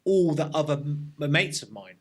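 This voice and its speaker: A guest on an easygoing interview, this army veteran recounts a story at normal speed in a somewhat high voice. He sounds reflective, uses plenty of army slang, and frequently begins his sentences again.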